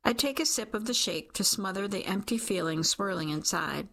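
A woman's voice: mid-range voice, lively intonation, moderate pace, a bit bright. A woman narrating a first-person story in an intimate, emotional reading style. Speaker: audiobook narrator.

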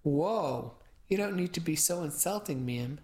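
A woman's voice: low voice, animated, a little slow, mellow. A woman voicing an irritated young male guest who answers curtly. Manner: curt, irritated.

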